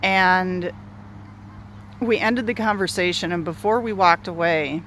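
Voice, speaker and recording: A woman's voice: lowish voice, unhurried, a bit bright, slight background noise. A woman outdoors telling a personal story in a candid, rambling way, swearing freely and circling back on herself. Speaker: speaker sharing a personal story. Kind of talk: casual spoken storytelling. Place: outdoors near bushes in an urban area.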